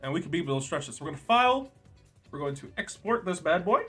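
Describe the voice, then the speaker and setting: Lively young male streamer. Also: on the high side, quick pace, breathy edge, faint music behind. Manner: chatty, jokey, reads chat aloud. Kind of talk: casual livestream chat.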